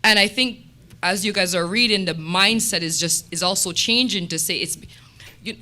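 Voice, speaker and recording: A woman sharing a testimony at a church meeting, telling stories with lively quoted dialogue. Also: mid-range voice, normal speed. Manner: animated storytelling with quoted dialogue.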